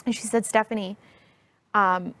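A woman guest in her thirties, telling a personal story in an interview, earnest and heartfelt, speaking slowly and deliberately. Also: mid-range voice, fairly even intonation, a bit bright, dry recording.

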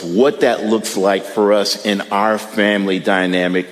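A pastor with a Midwestern US accent delivers a sermon in a relaxed, conversational manner, with frequent fillers and repeated words. His voice is on the low side, at a moderate pace with hardly any pauses, in a large hall.

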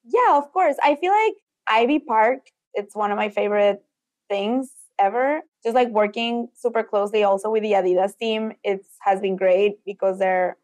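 A young woman from Mexico who speaks Spanish natively, a guest telling stories in a casual interview, animated and acting out the quotes. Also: mid-range voice, normal speed. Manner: animated, acts out quotes, filler "like". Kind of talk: casual storytelling in conversation.

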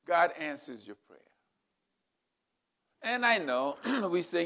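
Animated older male preacher, slow and lively. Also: fairly high pitch. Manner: storytelling, animated and emotional. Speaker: pastor. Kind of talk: sermon.

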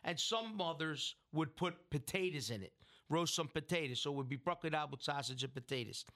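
Middle-aged man, restaurant owner, rambling anecdote, somewhat high voice. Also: expressive, a little fast, pushed and bright. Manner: rambling, with restarts and acted-out quotes. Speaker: restaurant owner and food entrepreneur. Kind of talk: interview storytelling.

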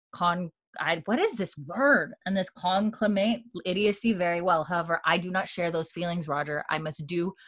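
A woman with a low voice casually recaps a TV episode as a podcast co-host, with no room sound. She retells scenes full of likes and ums, quoting lines quietly and low.

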